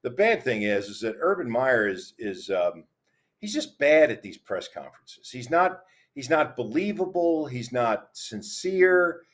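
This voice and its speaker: A man on a sports talk panel, telling stories in a relaxed conversational way. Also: mid-range voice, a little slow. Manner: storytelling, conversational.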